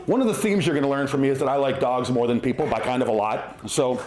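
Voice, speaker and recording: A man's voice: medium pitch, fast talker, loud music behind the voice. A middle-aged man doing a conversational, self-mocking stand-up comedy set at a live venue. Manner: conversational, self-mocking, acts out silly voices. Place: winery venue with live audience. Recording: roomy live venue with audience laughter.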